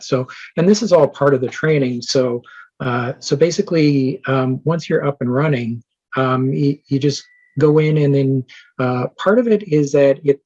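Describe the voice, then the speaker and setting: Male interviewee, casual and halting, lots of ums, slightly dull audio. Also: medium pitch, a little mellow. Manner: hesitant, many fillers and restarts. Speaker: interviewed program member.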